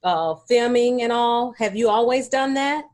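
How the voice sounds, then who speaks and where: A woman co-hosting a podcast interview, enthusiastic and quick to affirm her guests. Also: a little high, a little mellow. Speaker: podcast co-host.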